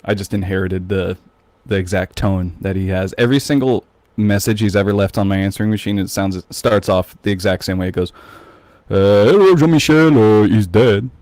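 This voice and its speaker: An American man co-hosting a podcast, chatting casually and telling animated stories. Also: sits low, a little fast, dry recording. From United States. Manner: animated storyteller, mimics voices loudly. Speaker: podcast co-host. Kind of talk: casual chat.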